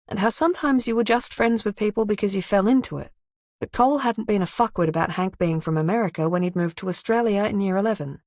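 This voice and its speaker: A woman narrating a crime thriller audiobook in an even, measured manner. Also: medium pitch, dry recording. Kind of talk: scripted narration.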